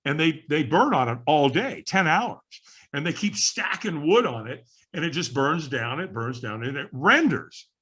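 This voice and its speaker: Male guest, lively storyteller with a slightly husky voice and a higher-than-usual pitch. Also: moderate pace. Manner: animated storyteller, acts out quoted voices. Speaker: podcast guest. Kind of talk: storytelling in casual interview.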